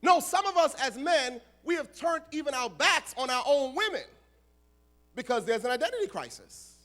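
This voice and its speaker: Animated, high-voiced preacher man. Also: moderate pace. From United States. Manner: animated, humorous, addresses the crowd directly. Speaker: imam. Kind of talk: sermon.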